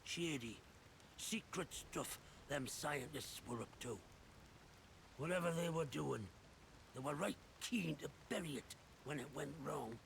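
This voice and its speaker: An actor voicing a wary, chatty male survivor in a game, with a gravelly, rambling way of talking. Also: a little high, animated, unhurried, a little hiss or hum. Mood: wary chatter. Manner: rambling, gossipy, suspicious of strangers. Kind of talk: video game dialogue.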